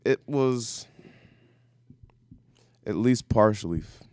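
Male co-host, very low voice, calm and measured, dry studio. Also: no echo. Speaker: sports show co-host. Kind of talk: casual sports talk.

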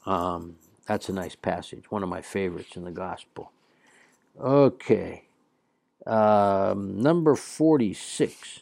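Guy going over latin homework, talks slow and patient, dry close sound. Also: deep voice, gravelly, darkish tone, no echo. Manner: slow, patient explaining with fillers. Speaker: Latin teacher. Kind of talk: classroom lecture, reading and translating Latin.

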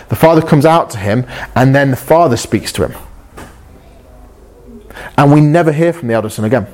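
A man's voice: medium pitch, lively intonation, a little fast, long pauses, darkish tone. A man delivering a sermon, earnest and insistent. He leans on repetition, circling back to the same phrase to drive a point home, and throws rhetorical questions at his listeners. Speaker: pastor.

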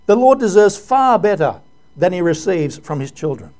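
A man's voice: sits high, very animated, moderate pace, a little mellow. A male pastor giving an earnest, emotional sermon full of rhetorical questions.

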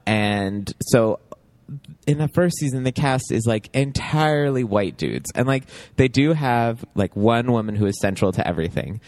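A man's voice: lowish voice, a little mellow, no room sound. Rambling man, dry close sound. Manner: rambling, many fillers and laughs. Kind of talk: casual chat about a TV show.

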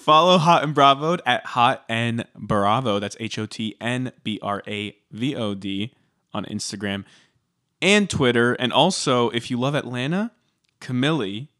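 A man's voice: mid-range voice, unhurried, pushed and bright. A man co-hosting a podcast in casual chat, conversational and plugging the show. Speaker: podcast co-host.

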